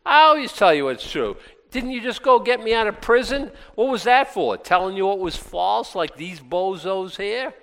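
A man preaching a sermon, reading scripture aloud and breaking into lively, sarcastic asides. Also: high-pitched, moderate pace. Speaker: pastor. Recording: long hall reverb.

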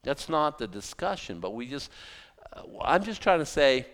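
A man preaching a sermon as pastor, talking in an animated, conversational way with mocking asides. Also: fairly high pitch, moderate pace, long reverb tail.

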